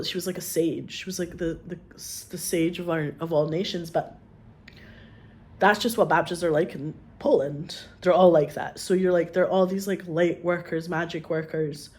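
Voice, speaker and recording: A woman's voice: on the low side, darkish tone. A woman chatting in an interview, rambling and effusive, full of "like" and acted-out quotes. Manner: rambling and effusive, heavy on "like", acts out quoted voices. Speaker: filmmaker guest. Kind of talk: casual chat.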